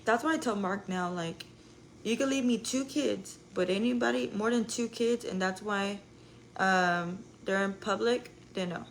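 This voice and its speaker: A woman's voice: medium pitch, a little slow, slight background noise, low-quality recording. A young woman telling a rambling story to her live viewers, full of "like" and swearing. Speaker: live streamer.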